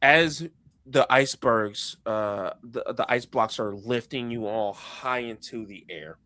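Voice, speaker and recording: A man's voice: mid-range voice, takes it slowly, pushed and bright, no room sound. A man narrating as game master of a tabletop role-play, laughing often and talking in a playful, loose way.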